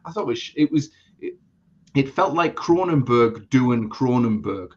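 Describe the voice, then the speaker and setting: A man's voice: medium pitch, animated, a little slow. Blunt, sweary man on dull audio. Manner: blunt, swears freely, rambling restarts. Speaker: co-host. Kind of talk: casual live chat.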